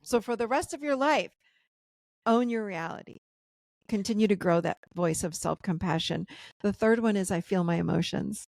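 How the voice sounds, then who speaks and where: A woman coach talks on a video call in a lively, chatty way, laughing and acting out what her clients said. Her mid-range voice has a gravelly, fried edge. The sound is dry and close, with no room around it. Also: medium pitch, normal speed, dry recording. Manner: animated, laughing, acts out client quotes. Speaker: guest coach and author. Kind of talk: casual interview chat.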